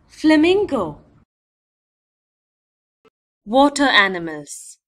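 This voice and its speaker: Slow, lively woman teaching small children. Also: high voice. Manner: names each item slowly and distinctly, imitates animal cries playfully. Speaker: narrator of a children's learning video. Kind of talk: slow, clear teaching narration for young children.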